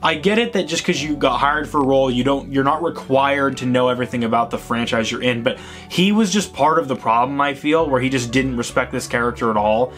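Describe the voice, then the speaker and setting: Profane, excitable male movie vlogger. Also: medium pitch, a little fast, soft background music. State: tired. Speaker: host. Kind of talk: ranting movie vlog.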